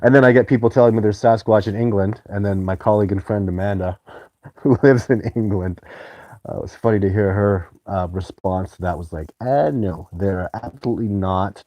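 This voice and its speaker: Rambling man, mellow low voice. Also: no room sound. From Canada. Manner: rambling, loose and chatty, greeting viewers. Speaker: live-stream host. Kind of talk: casual live-stream chat, reading viewer comments.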